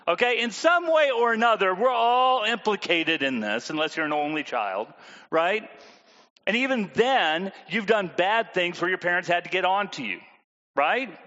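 A man's voice: high voice, sharp tone, big-room sound, dull audio. A man preaching a sermon in a conversational way, often asking the congregation questions. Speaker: pastor.

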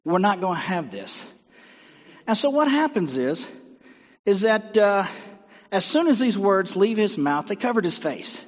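A man's voice: high voice, sing-song, unhurried. A man preaching a sermon, retelling a story animatedly with rhetorical questions. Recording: dull sound with long hall reverb.

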